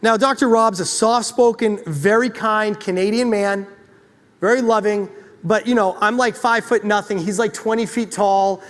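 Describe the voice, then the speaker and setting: A man with a strikingly high speaking voice tells a motivational story to a live audience, animated and quick to joke at his own expense. His voice carries a long reverb from the hall he speaks in. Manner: animated, joking, self-deprecating. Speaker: speaker at a chiropractic event.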